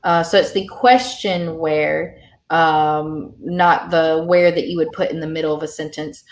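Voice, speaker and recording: Woman, language teacher, slow, explanatory, lots of ums, echoey video call audio. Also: low-pitched, fairly even intonation. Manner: patient, explanatory, many fillers. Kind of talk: online language lesson.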